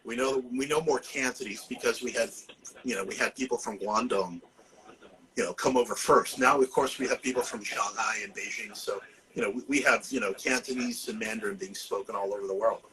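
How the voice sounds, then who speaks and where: A man's voice: fairly low pitch, fairly quick, pushed and bright, poor audio. A man from Massachusetts, talking casually and jokingly as a herbalist guest, filling his speech with "you know". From Massachusetts, USA. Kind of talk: casual podcast chat.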